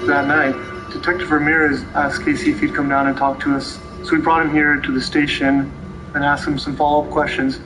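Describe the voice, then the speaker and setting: A man's voice: on the high side, flat delivery, fairly quick, music in the background, low-quality recording. A man, a police officer, describing a case plainly in a documentary interview, with frequent "kind of" hedges.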